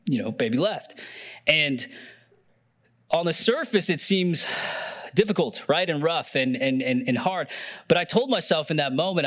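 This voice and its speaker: A man's voice: on the high side, fairly bright tone. A young man preaching a sermon in an earnest, conversational way, often emotional and near tears, with many fillers and restarts. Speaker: pastor.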